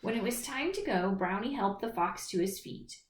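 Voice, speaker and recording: A woman reading a children's picture book aloud in an expressive storytelling manner, in a roomy recording. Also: medium pitch, moderate pace, slight background noise. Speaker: storybook reader. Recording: roomy echo.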